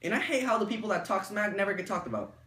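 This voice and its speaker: A teenage boy ranting to camera in a comedic, animated way, acting out his own exchanges. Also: sits high, quick pace, reverberant. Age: teens. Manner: animated, exaggerated, acts out exchanges. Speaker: vlogger.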